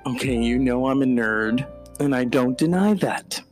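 A man hosting a casual solo podcast, talking in an animated, digressive way with mock-dramatic outbursts. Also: mid-range voice, a little slow, faint music behind. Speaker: podcast host.

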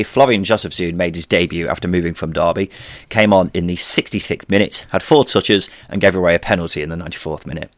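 A man's voice: low voice, no room sound, studio quality. A man hosting a football podcast, leading the chat, reading out results and putting questions to guests. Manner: leads the discussion, asks questions and reads results. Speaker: podcast host.

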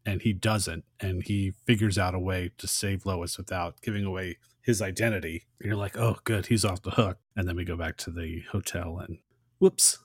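A man's voice: low voice, fairly even intonation, normal speed, no room sound. A man co-hosting a film podcast, chatting agreeably about a favorite scene. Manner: agreeable, conversational. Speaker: podcast co-host. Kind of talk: casual film discussion.

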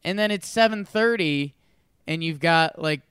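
Man, slightly high smooth voice, animated co-host storyteller, dry close sound. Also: measured pace, no room sound. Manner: animated, acts out quoted voices. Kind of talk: casual chat.

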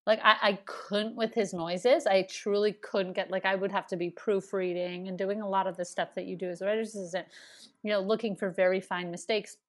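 A woman's voice: medium pitch, brisk. A woman in her thirties chatting casually, rambling through stories with lots of fillers. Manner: rambling, animated storytelling with many fillers. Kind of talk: casual chat.

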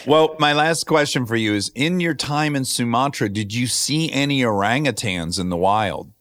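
A man's voice: mid-range voice, normal speed, a bit bright. A man hosting a podcast, chatting casually and animatedly with his guest, laughing readily. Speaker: podcast host. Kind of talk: casual interview chat.

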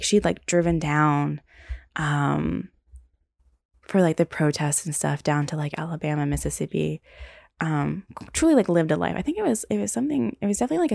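A woman's voice: sits low, gravelly, darkish tone, no room sound, studio quality. A young woman hosting a podcast, telling a long personal story in a rambling, candid way, full of "like" and swearing. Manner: rambling, heavy use of "like", candid and profane. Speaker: podcast host. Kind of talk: casual storytelling.

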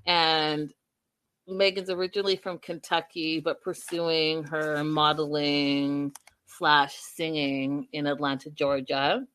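A woman's voice: low voice, level tone, takes it slowly, fairly bright tone, clear, resonant tone. A woman hosting a live recap chat who talks casually and addresses her viewers directly. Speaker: host.

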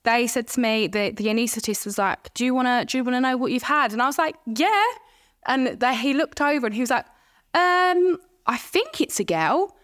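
A young woman co-hosting a podcast chats casually, telling a blunt, profanity-laced birth story and quoting the dialogue as she goes. Her voice is a little high and a bit bright, and she talks fast with few pauses.

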